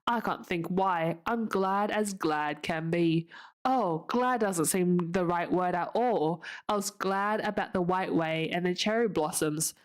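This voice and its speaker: A woman voicing an eager, emotional orphan girl who pleads in a high, breathless voice. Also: measured pace, natural voice. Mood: tearful joy.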